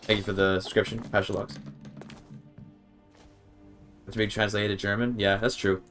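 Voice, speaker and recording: Soft music plays behind a man streaming a video game, his voice fairly low, level, and fairly bright at a moderate pace. He chats casually with viewers, cursing and starting sentences over whenever he gets frustrated.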